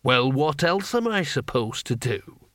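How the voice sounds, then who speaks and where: A man voicing a crude old barbarian who talks slowly and bluntly, puzzled, in an audiobook. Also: medium pitch, big pitch swings, fairly bright tone, no room sound, studio quality. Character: crude old male barbarian, baffled and coarse.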